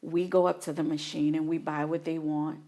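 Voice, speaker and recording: Guest, woman from New Orleans, middle-aged, low and gravelly, animated storyteller. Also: moderate pace. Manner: animated retelling, acts out her own past reactions. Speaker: guest, mother of an incarcerated son. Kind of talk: emotional interview storytelling.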